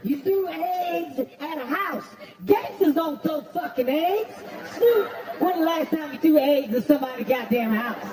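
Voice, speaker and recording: A man doing a stand-up roast, brash and profane, shouting his punchlines. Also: very high voice, animated, unhurried, few pauses. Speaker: comedian at a roast. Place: stage before a live audience. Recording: roomy venue with crowd laughter.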